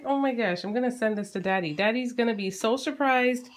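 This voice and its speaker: A woman's voice: a little fast, hardly any pauses, background noise. A woman in her thirties from Canada, a homeschooling mom chatting casually to her vlog audience and talking playfully to her baby. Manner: chatty, playful, talks to her baby in a high sing-song voice.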